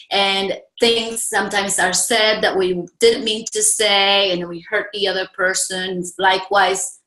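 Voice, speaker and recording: A woman's voice: medium pitch, pushed and bright, echoey room, rough recording. A middle-aged woman coach telling a personal story to an audience, asking them questions as she goes. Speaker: relationship coach.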